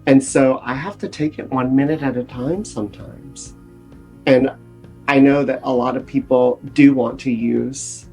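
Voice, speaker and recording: Gravelly-voiced man telling his story. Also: medium pitch, a little slow, faint music behind. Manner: earnest, animated storytelling. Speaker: guest in recovery. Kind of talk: casual podcast interview.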